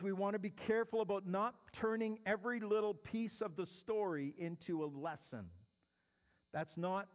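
Higher-voiced man teaching in a reverberant hall. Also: darkish tone, muffled recording. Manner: explanatory, often checks in with "right?". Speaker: pastor answering questions. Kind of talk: teaching sermon.

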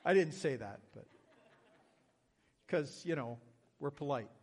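A man's voice: fairly high pitch, animated, slow pace, darkish tone, long reverb tail. A Canadian man with a Canadian accent, preaching a sermon in an earnest, conversational way with self-deprecating humor. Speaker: pastor.

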